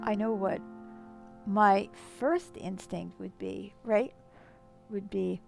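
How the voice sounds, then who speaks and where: A woman's voice: medium pitch, slow pace, gravelly, pauses often, soft background music. An older woman, a counselor, hosting a casual live-stream talk and acting out quoted voices with feeling. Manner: animated, acts out quoted voices. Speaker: counselor and show host.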